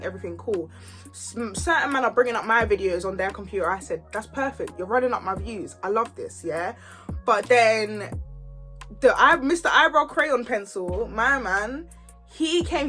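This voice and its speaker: A woman, telling a story in an animated, chatty, slangy way. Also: fairly high pitch. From Kent, England. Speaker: YouTuber. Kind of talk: storytime vlog chat.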